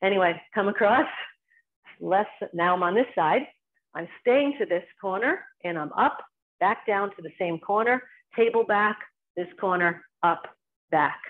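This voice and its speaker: Guiding a qigong exercise class, the New Jersey-accented instructor speaks brief cues matched to every movement. Her voice is mid-range and measured, and the recording sounds tinny, like a phone.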